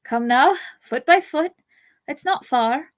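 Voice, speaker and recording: A woman's voice: fairly high pitch, moderate pace, lightly acted. Woman voicing Pippin, an anxious young hobbit. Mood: coaxing. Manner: urgent, coaxing, raised voice.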